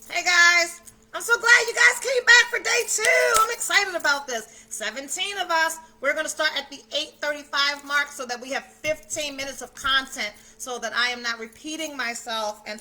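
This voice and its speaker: A woman's voice: high voice, pushed and bright. A woman hosting a self-care livestream from home, chatting casually, greeting viewers by name with big enthusiasm and the odd swear word. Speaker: self-care challenge host. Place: at home, indoors.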